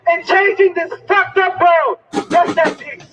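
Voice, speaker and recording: A hoarse woman speaking at a rally, leading the crowd in call-and-response chants and shouting her lines. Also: extremely high pitch, fairly even intonation, a little slow. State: hoarse, losing voice. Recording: muffled livestream with crowd and music. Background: crowd and music.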